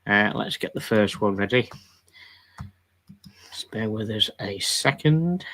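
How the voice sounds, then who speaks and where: A man with a bright, forward voice hosts a casual live stream. He chats loosely, reads out viewers' greetings and thanks them one by one. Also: on the low side, animated, slow, slight background noise. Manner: chatty, reads chat greetings aloud. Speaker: livestream host.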